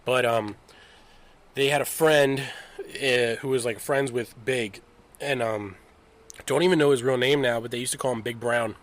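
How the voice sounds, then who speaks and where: A man's voice: mid-range voice, fairly even intonation, moderate pace. A young man co-hosting a podcast, chatting casually, loose and joking, swearing freely and laughing often. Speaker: podcast co-host. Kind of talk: casual chat.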